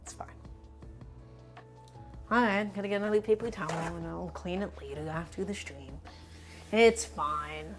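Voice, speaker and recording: A woman's voice: on the low side, normal speed, long pauses, faint music behind. A woman streaming live while cooking, chatting to her viewers and hamming up her small annoyances for laughs. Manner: mock-dramatic grumbling, playful.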